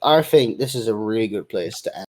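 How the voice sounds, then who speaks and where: Young male host, lively swooping pitch, goofy storyteller who bursts into yelling. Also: fairly quick. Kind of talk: comic storytelling on a voice call.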